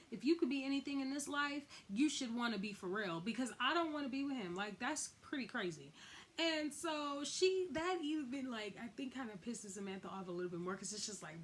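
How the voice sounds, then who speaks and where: A woman's voice: sits high, fairly bright tone. A woman giving a casual, slangy recap of a TV episode, acting out the characters' lines as she goes. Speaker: recap vlogger.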